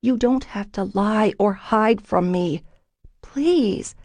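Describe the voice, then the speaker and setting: A woman's voice: medium pitch, takes it slowly, dry recording, pitched above the performer's own voice. Woman playing a fiery, defiant young fighter. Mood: desperate. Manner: forceful, defiant, raises her voice often.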